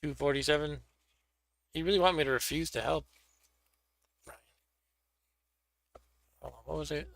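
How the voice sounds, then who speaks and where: A man hosts a stream, reading a gamebook aloud and chatting offhandedly between choices. His voice is bright with a gravelly edge. The sound is dry and close. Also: on the high side, normal speed, long pauses, no room sound. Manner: offhand, joking. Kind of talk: casual chat and read-aloud narration.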